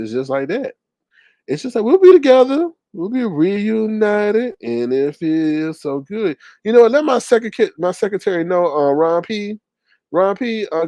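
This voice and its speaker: Animated gossipy man with a lively voice. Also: fairly high pitch, no room sound. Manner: animated, gossipy, frequent laughs and exclamations. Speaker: livestream host reading chat. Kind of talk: casual livestream commentary.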